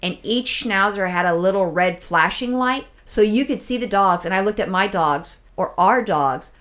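A woman co-hosts a podcast and tells a story with casual, swearing excitement. She acts out her own reactions as she goes, in a voice of ordinary pitch for a woman. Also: moderate pace. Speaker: podcast co-host.

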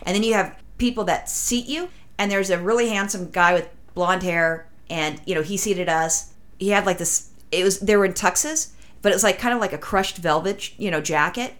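A woman's voice: medium pitch, normal speed. A woman telling a long anecdote in casual podcast chat, rambling and acting out other people's lines. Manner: rambling, animated anecdote with acted-out quotes.

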